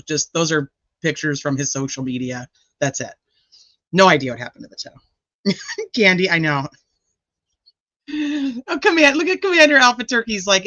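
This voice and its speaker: Bright-voiced joking woman streamer. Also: low voice, moderate pace, pauses often, no room sound, muffled recording. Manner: joking, teasing and profane, laughs often. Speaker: true crime livestream host. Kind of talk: casual livestream chat, reading viewer comments.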